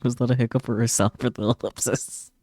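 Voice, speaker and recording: A man streaming and chatting casually with friends, wry and relaxed, with game music behind. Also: medium pitch, a little fast, no echo, studio quality. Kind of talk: casual chat while reading a game aloud.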